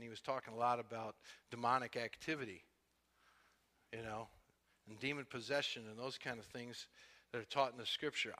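A man preaching a sermon, telling his own testimony, dropping quiet then building to loud, impassioned peaks. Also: mid-range voice, big-room sound. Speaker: pastor.

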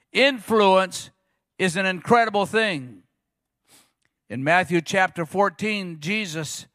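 A middle-aged man preaches from the pulpit in a high, bright, forceful voice. He tells stories in a lively way and acts out the people he quotes. The sound is dry and close, with no room around it. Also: dry recording. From Arizona. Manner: storytelling, animated retelling with quoted voices. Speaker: pastor. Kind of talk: sermon.

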